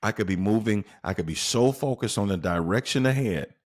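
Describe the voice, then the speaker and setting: A man's voice: on the low side, expressive, fairly quick, darkish tone. A man hosting a podcast, delivering an emphatic motivational monologue full of rhetorical questions to the listener. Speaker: podcast host.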